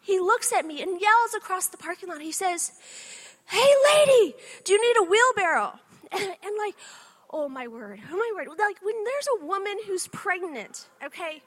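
A woman in her thirties giving a faith-based motivational talk to an audience, telling animated personal stories and often checking in with "okay?". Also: very high voice, normal speed. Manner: animated storytelling with frequent "okay?" asides. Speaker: speaker addressing an audience.

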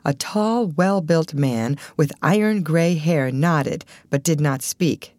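A woman narrating a storybook in a steady reading manner. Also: low voice, unhurried, hardly any pauses, dry recording. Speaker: audiobook narrator. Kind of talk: scripted narration.

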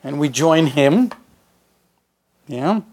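A man's voice: fairly high pitch, expressive, very slow, darkish tone, husky. A man reading his own short story aloud, in a conversational, streetwise first-person voice.

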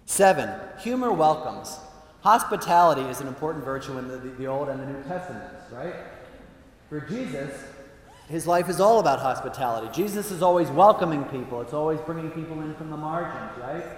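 A priest with a voice on the high side speaks expressively and a little fast. He gives a humorous talk to an audience, a playful storyteller with frequent asides. Roomy hall reverb and faint background noise surround the recording.

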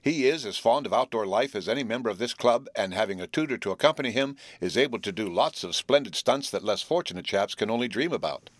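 A man's voice: fairly low pitch, expressive, dry recording, clean studio sound, voice pushed up. A man voicing a cheerful teenage boy who teases his friends while telling news. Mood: teasing. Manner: teasing, drawn-out storytelling.

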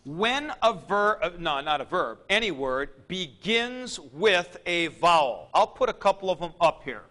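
Man, Greek teacher, high voice, slow measured delivery, dry asides. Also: sing-song, bright, forceful tone. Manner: deliberate, dry joking asides. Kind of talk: classroom lecture.

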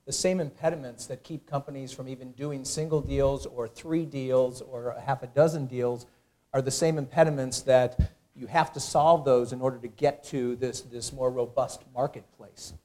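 A man speaking as a panelist, adding a point in a measured way. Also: medium pitch, fairly even intonation, dark tone. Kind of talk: panel discussion.

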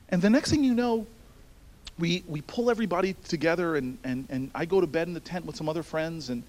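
A man telling a personal story in a speech, animated and building to shouts, then turning hushed and earnest. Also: high voice. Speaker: speaker addressing a university audience.

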